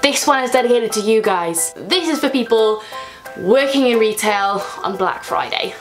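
A woman's voice: on the high side, expressive, moderate pace. Chatty young woman vlogger. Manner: chatty, playful, jumps into sketch voices. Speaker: comedy vlogger. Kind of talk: comedy sketch vlog. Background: background music.

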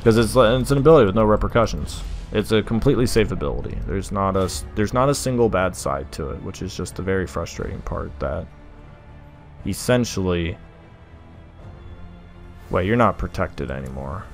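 A man's voice: deep voice, expressive, moderate pace, soft background music. A young adult man venting as a gaming streamer, giving exasperated live gameplay commentary full of mild oaths in place of swears.

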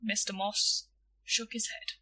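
A woman narrating a storybook in a lively, expressive reading. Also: medium pitch, takes it slowly, breathy edge, distant mic, poor audio.

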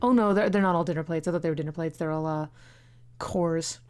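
A woman hosting a gaming channel, giving excitable, chatty let's-play commentary full of exclamations. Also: deep voice, fast talker, clean tone.

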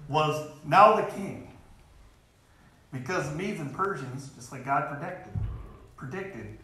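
A man's voice: a little high, expressive, slow, bright, forceful tone, a little hiss or hum. A man preaching a sermon in a church in an earnest, emphatic way, reading scripture aloud. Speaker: lay preacher. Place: church sanctuary. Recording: very echoey church hall.

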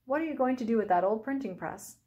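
A woman's voice: medium pitch, moderate pace, muffled recording, close to an everyday voice. A woman voicing a curious, caring young girl.

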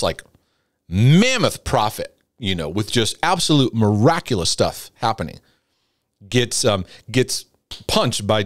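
A middle-aged man teaching in a sermon-like broadcast, acting out pleading prayers in a high voice. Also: dry recording, clean studio sound. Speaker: Christian teacher and coach.

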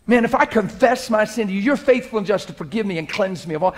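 A man preaching a sermon, swinging between loud urgent exhortation and hushed, intimate modeled prayer. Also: high voice, expressive, quick pace, hardly any pauses.

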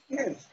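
A young man chatting casually with a friend, often breaking into laughter and swearing as he mimics someone. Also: a little hiss or hum. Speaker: storyteller among friends. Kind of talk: casual chat. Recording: dull lo-fi audio.

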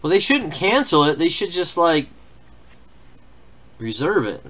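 A man's voice: on the high side, sing-song, unhurried, sharp tone. A man hosting a live card-break stream, chatting casually in rambling anecdotes and reading out lists of names and teams. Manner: rambling anecdotes, then listing name-team pairs.

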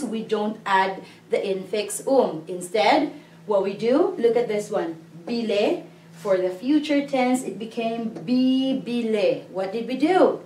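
Female teacher for a slow grammar lesson, unhurried and patient, recorded a little far off in an echoey room. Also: mid-range voice, a little mellow. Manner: patient, spells out syllables and repeats words slowly. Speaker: language teacher.

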